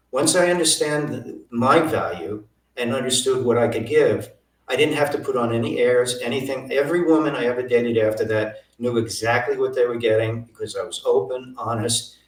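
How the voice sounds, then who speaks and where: Animated male guest storyteller, echoey room. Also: medium pitch, recorded from a distance. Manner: animated storyteller acting out quoted dialogue. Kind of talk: storytelling interview.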